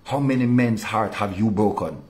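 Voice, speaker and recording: A male pastor delivering an impassioned, rebuking sermon, dropping low and soft to drive points home. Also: moderate pace.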